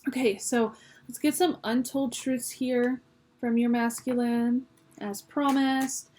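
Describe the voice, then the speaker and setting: A woman's voice: on the high side, fairly even intonation, slow pace, a little mellow, a little hiss or hum. A woman giving a casual tarot reading to her viewers, chatty and reading card words aloud with frequent ums. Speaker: tarot reader.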